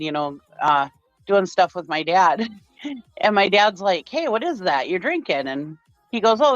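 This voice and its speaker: A woman's voice: lowish voice, dry recording, dull audio. A woman hosting a casual livestream chat, telling rambling family stories and laughing often. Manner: chatty storyteller, laughs often. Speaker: host.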